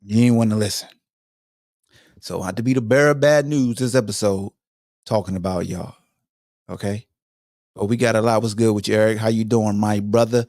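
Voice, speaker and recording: A man's voice: lowish voice, fairly even intonation, a little fast, pauses often, darkish tone, dry recording, clean studio sound. A man hosting his own podcast in casual solo commentary, slangy and emphatic, often mocking his listeners. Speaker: podcast host.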